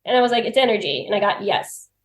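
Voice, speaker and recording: A woman's voice: medium pitch, expressive, fast talker. Roomy-sounding chatty woman guest. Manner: chatty, laughs often, acts out her own remarks. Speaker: podcast guest. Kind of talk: personal storytelling in conversation. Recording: roomy echo.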